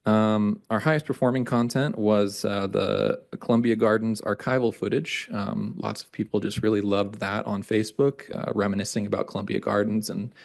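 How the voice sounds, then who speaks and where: A man's voice: lowish voice, fairly even intonation, normal speed, vocal fry, hardly any pauses. A young man giving a conversational report to a board meeting, with frequent ums and uhs. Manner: loose, conversational delivery with many ums and uhs. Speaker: communications staff presenting a report. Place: meeting room.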